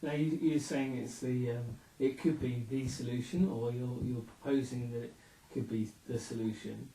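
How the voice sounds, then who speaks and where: Interviewer guy, mellow dark voice, bit far off the mic in an echoey room, stumbly questions. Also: mid-range voice, fairly even intonation. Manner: hesitant, halting questions.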